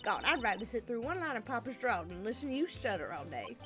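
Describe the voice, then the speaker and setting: A woman voicing a brash young southern woman photographer in a put-on American Southern drawl, loud and scolding. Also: fairly high pitch, big pitch swings, fast talker, over music. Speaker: video game character.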